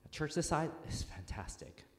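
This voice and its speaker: A man's voice: fairly high pitch, big pitch swings, moderate pace, darkish tone. A man preaching a conversational sermon in a church, talking informally and telling stories with fillers and restarts. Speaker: pastor. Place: church sanctuary. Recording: echoey hall with long reverb.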